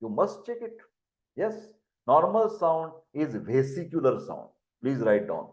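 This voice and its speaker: A man's voice: mid-range voice, huge pitch swings, unhurried. An older man with an Indian English accent, giving a lecture, who repeats terms and spells words out for dictation. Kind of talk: classroom lecture. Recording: echoey room.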